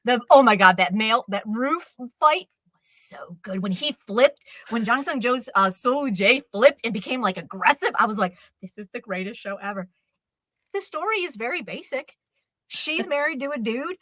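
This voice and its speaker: A woman gushes through a casual chat about her favorite shows, her voice bright and ringing. Her pitch leaps around in lively swings, and the sound is close and dry. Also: no echo. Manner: animated, gushing, quick asides. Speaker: co-host.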